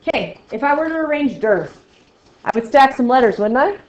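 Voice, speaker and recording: A woman teaching a math lesson to a class, loud and excitable, joking about herself as she works through problems. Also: high-pitched, a little fast, dull audio, a little hiss or hum. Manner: loud, excitable, self-mocking.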